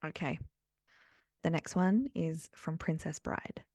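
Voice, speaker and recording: Woman, lowish voice, playful, laughs a lot, dry close sound. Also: takes it slowly, dark tone, slightly rough, no room sound. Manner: playful, laughs often, whispers asides to listeners. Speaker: podcast co-host. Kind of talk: casual chat.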